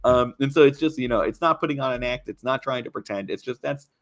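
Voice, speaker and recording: A young man talking as a guest in a casual chat, animated and expressive, laughing often. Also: medium pitch, fast. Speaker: guest, YouTube creator on tabletop games.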